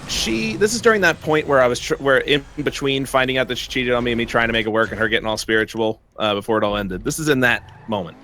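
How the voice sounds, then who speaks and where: A man's voice: medium pitch, fast, few pauses, bright, forceful tone, a little hiss or hum. A young man telling a long personal story in casual chat, rambling with many fillers and frequent laughs.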